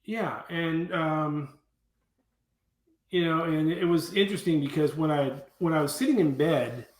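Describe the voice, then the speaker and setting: A man telling a story as a guest in an interview, animated and acting out what people said. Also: fairly high pitch, unhurried. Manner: animated storyteller who acts out quoted speech. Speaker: guest, dangerous game hunter. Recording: roomy echo.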